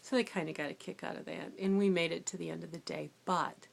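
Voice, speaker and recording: A middle-aged woman, tired from a sleepless night, telling a rambling, chatty story about her day substitute teaching, and growing animated when she quotes herself. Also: lowish voice, quick pace, creaky. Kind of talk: casual storytelling vlog.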